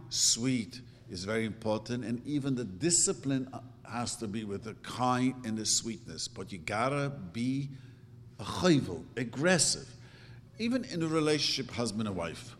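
A middle-aged man giving an earnest, repetitive religious teaching, with sudden jumps in pitch. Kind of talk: Torah class sermon. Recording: roomy hall reverb, faint noise.

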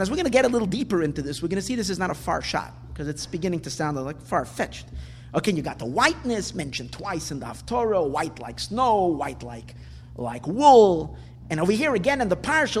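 A man teaches a Torah lesson with a lively voice that rises and falls widely. He repeats words for emphasis and asks rhetorical questions. The recording has a long hall reverb with faint background noise. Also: high voice. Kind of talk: lecturing on weekly Torah portion.

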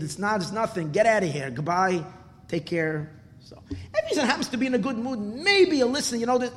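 Animated high-voiced man in a reverberant hall. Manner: animated storyteller, acting out voices in the parable. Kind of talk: Torah class with a Hasidic parable.

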